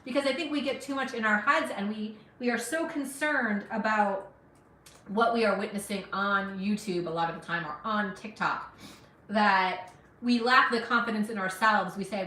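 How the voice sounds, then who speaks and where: A woman's voice: medium pitch, moderate pace, bright, forceful tone, reverberant, far from the mic. A middle-aged woman from Afghanistan with no accent, chatting to livestream viewers while she cooks. She sniffles a little from allergies. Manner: chatty, encouraging, talks to viewers while cooking. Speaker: cooking livestreamer. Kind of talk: casual live cooking stream chat. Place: home kitchen.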